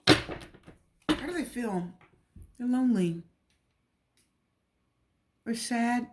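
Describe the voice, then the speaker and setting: Higher-pitched chatty woman tarot reader. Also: expressive, very slow, heavy background noise. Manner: chatty, repetitive, emotional. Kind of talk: casual tarot reading to camera.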